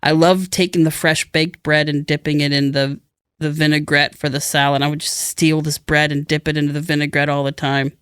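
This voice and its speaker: A middle-aged man co-hosting a casual podcast tells a long, rambling anecdote, acting out the people he quotes. His voice is a little high, brisk, fairly bright and smooth, with little pitch movement. The recording is clean studio sound with no echo.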